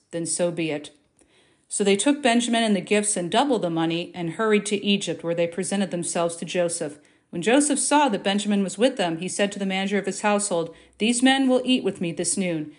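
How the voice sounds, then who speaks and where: Woman reading bible chapters out loud, lifts her voice for the quotes. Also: medium pitch. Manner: expressive reading, lifting her voice for quoted speech. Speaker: Bible reader. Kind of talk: scripture reading.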